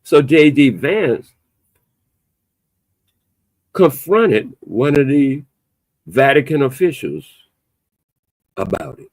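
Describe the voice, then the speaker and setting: Emphatic animated man, very dry sound. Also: medium pitch, takes it slowly, pauses often, no echo. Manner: animated, emphatic, loose conversational delivery with a playful edge. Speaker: podcast host. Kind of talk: casual opinionated chat.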